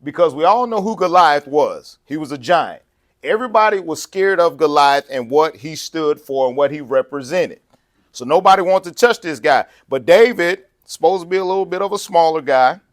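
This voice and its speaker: A man preaching with a slightly raised pitch, keeping things conversational and animated. He acts out quotes between points and laughs easily while he talks. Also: normal speed. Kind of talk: sermon.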